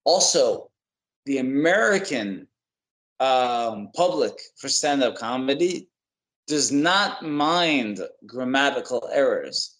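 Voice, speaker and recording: A man's voice: mid-range voice, lively intonation, slow, fairly bright tone, poor audio. A man, a comedian guest on a podcast, explaining his views in a reflective, earnest way. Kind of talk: casual interview chat.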